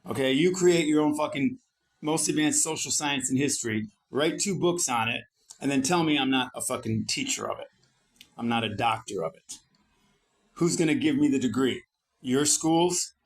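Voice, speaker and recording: A middle-aged Italian man, a founder and vlogger, edits his page while delivering a brash, combative, self-promoting monologue laced with swearing. His voice is medium-pitched and animated, and he speaks at a moderate pace.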